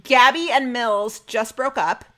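A woman's voice: on the high side, a little slow, fairly bright tone. A young woman co-hosting a fan podcast, chatting casually and gushing with enthusiasm. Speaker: podcast co-host.

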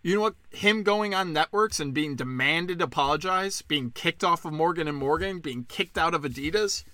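A man's voice: fairly high pitch, animated, moderate pace, sharp tone, dry recording. Sarcastic, profane man ranting. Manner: sarcastic, profane, mocking impressions. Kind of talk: ranting casual monologue.

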